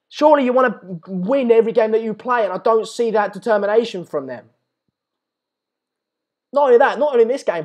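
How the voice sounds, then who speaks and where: A man's voice: high-pitched, a little mellow. A man hosting a live football chat stream, ranting in an exasperated way and repeating himself. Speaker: live match chat host.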